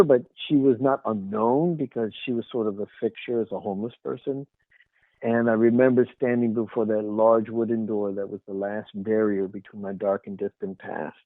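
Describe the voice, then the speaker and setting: A man's voice: on the low side, no room sound. A man, an author and guest, earnestly telling an emotional life story in an interview. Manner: earnest, emotional, soft dips in quiet moments. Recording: tinny phone-like line.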